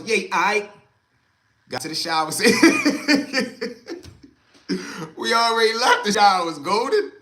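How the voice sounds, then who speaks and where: A young man tells a story to his live chat, animated and loose, slipping into other people's voices as the tale rolls on. His voice sits a bit high and sounds bright and forceful. The room around him is echoey. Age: young adult. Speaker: livestream storyteller.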